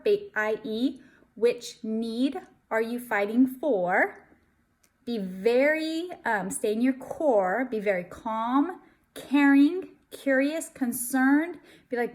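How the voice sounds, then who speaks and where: A young adult woman giving earnest, emphatic relationship advice straight to her viewers in casual talk. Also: high voice. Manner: earnest and emphatic, addresses viewers as you guys. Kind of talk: casual direct-to-camera talk.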